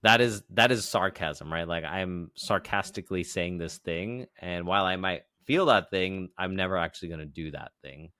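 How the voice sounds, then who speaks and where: A man's voice: low voice, normal speed, few pauses, pushed and bright, clear, resonant tone, no room sound, clean studio sound. A man co-hosting a podcast, explaining ideas patiently in a casual chat, often checking in with "right?" and "you know". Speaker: podcast co-host.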